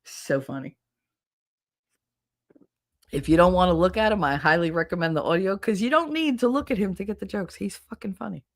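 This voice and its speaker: A woman hosting a podcast in casual solo chat, animated, laughing often and swearing freely. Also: lowish voice, moderate pace, long pauses. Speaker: podcast host.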